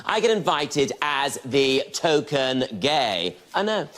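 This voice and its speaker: A man's voice: a little high, sing-song, slow, background noise. A man doing a camp, gossipy stand-up routine on a comedy stage, mimicking the people in his story.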